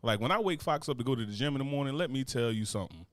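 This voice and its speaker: A man co-hosting a podcast, swearing freely and joking as he reads comments from the chat. He speaks at an ordinary pitch, and the sound is close and dry with no room around it. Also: very fast, no room sound. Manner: profane, animated, joking, reads chat aloud. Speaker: podcast co-host. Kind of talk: casual chat.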